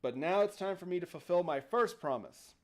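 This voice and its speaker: A man's voice: high voice, expressive, a little fast. A man voicing an ancient, impatient male genie who is put-upon and apologetic yet murderous. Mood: exasperated.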